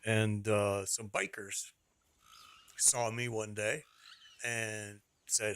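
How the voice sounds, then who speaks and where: A man's voice: fairly low pitch, level tone, extremely slow, pauses often, fairly bright tone, clean tone. A middle-aged man streaming, telling a rambling personal story in casual talk, repeating phrases and laughing as he goes.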